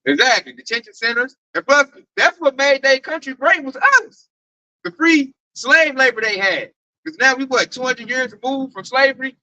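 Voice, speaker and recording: A man in a casual group discussion, animated and slangy, often tagging his sentences with "man". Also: extremely high pitch, moderate pace, dry recording, low-quality recording. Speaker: camp group member.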